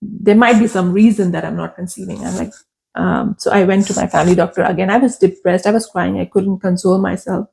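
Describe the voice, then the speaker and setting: A woman's voice: medium pitch, steady tone, a little fast, creaky, darkish tone, slightly rough. A young adult woman, a podcast guest, telling her personal story candidly and emotionally, repeating phrases for emphasis.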